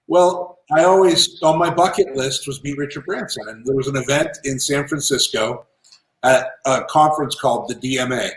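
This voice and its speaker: A man telling lively business anecdotes as an interview guest, in a casual, animated manner. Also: medium pitch, moderate pace. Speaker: guest, entrepreneur and author. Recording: roomy echo.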